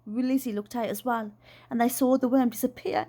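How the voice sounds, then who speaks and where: A woman reading a children's book aloud in an expressive, lively way. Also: on the high side, normal speed. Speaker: storyteller.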